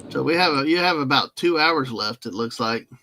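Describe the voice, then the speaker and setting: A man hosting a live stream from a car, chatting in a relaxed, joking way. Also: mid-range voice, normal speed, a little hiss or hum, poor audio. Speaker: host of a live driving stream. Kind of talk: casual chat.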